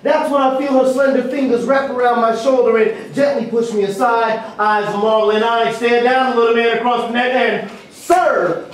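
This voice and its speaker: A man performing spoken-word poetry and stories live on stage, with animated, rhythmic delivery and jokey asides. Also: very high-pitched, moderate pace, few pauses. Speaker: storyteller and spoken-word poet. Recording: echoey hall, distant mic.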